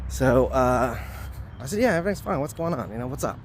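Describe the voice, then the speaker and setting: A man telling a personal story to camera outdoors, rambling and earnest, filling every pause with "you know" and "like" and hurrying to finish. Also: mid-range voice, expressive, noisy background. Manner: hurried, wanting to finish quickly. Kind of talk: casual spoken recollection.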